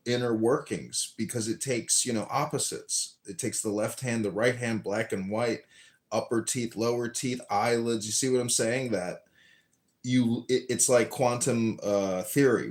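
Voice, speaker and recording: A man's voice: on the low side, darkish tone. A man in a casual chat on a social audio app, musing aloud and groping for his words.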